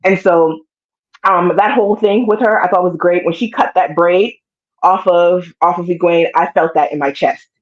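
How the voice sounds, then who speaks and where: An animated woman talks through a TV episode with a friend, jumping into exaggerated voices to replay the scenes. Her audio is a little dull and lo-fi. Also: lowish voice, moderate pace. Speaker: show co-host. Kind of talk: casual TV recap chat.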